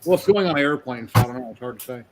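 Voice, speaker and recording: A man's voice: medium pitch, lively intonation, very fast, slight background noise. A man chatting casually on a stream, telling shipping stories in a plain matter-of-fact way. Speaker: stream guest. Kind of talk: casual chat.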